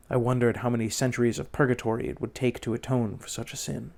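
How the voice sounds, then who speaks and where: A man's voice: medium pitch, little pitch movement, creaky, a little mellow. Man reading a horror story aloud. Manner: measured, dramatic first-person storytelling. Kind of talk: audiobook narration.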